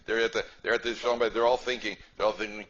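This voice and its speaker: Heard through faint noise on a dull lo-fi lecture tape, a man speaks on the low side, rapid-fire and a bit bright, with flat delivery. He's a rabbi leading a humorous storytelling class, chatty and repetitive, frequently asking "right?"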